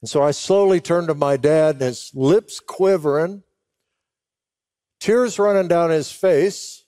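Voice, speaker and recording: A middle-aged man preaches a sermon to pastors, his voice on the high side and mellow in a dry, studio-quality recording. He tells an emotional story, slowing down for weight and acting out both sides of remembered conversations.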